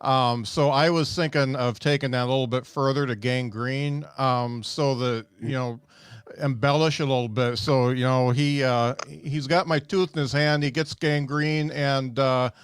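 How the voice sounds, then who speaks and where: A male comedian giving joke notes in a halting, deliberate way, full of ums and uhs. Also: medium pitch, fairly even intonation, smooth, no echo. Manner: halting, filler-heavy, deliberate. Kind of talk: casual comedy workshop chat.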